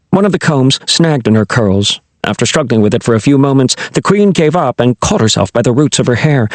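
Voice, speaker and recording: A man narrating a children's fantasy audiobook in an expressive, storytelling style. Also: medium pitch, dry recording.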